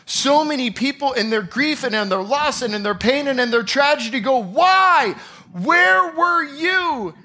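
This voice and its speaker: A male pastor with a high, bright voice delivers a sermon. He tells the story dramatically, swinging from hushed, low passages to loud, acted-out scenes. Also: a little fast, hardly any pauses.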